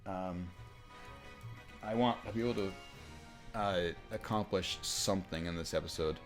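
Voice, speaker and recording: A young man with a deep voice, chatting casually over a let's-play and telling a story, rambling with many fillers and restarts. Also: measured pace. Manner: rambling, self-interrupting, lots of fillers and restarts. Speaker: gaming YouTuber. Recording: faint background game music.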